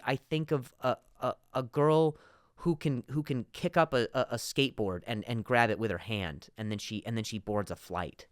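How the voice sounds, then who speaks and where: A man hosting a comedy podcast, ranting in an animated monologue with frequent stutters and asides. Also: medium pitch, smooth, no room sound, studio quality.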